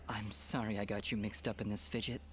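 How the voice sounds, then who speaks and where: A man voicing a brooding young swordsman hero in a video game, speaking quietly and half-whispered. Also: fairly low pitch, little pitch movement, normal speed, heavy background noise, close to an everyday voice. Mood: reflective.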